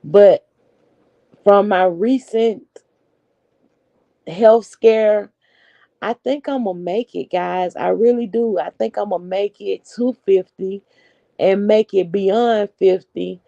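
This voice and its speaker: Unhurried woman in her forties, dry close sound. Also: mid-range voice, gravelly, mellow, dry recording, muffled recording. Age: 40s. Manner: chatty, unhurried, talks straight to viewers. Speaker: live stream host. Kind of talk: casual live-stream chat.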